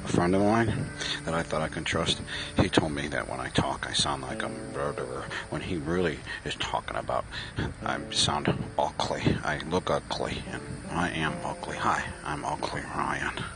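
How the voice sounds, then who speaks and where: A man delivering a mournful, halting comedy monologue as a radio host. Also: rumbling low, gravelly, over music.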